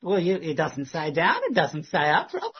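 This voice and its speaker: A man recounting to his church a Bible discussion he had, telling it in a lively way and acting out what the other man said. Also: on the high side, normal speed, breathy edge, lo-fi sound. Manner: lively retelling that mimics the other man's lines. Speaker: church member recounting a witnessing conversation. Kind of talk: storytelling testimony to a congregation.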